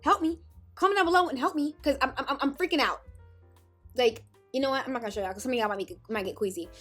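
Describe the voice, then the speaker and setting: High-voiced playful woman vlogger. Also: very fast, a bit bright, soft background music. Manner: dramatic, playful, slangy. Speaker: YouTube host. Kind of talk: casual chat to camera.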